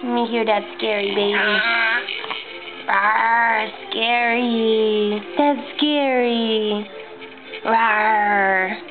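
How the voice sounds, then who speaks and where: A mother coos at her baby in playful, sing-song baby talk, coaxing and teasing. Her voice sits a little high and carries a slight gravelly fry, and she stretches her words out slowly. The home video sounds thin and phone-like, with music playing clearly behind her. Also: steady tone. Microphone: home video camera.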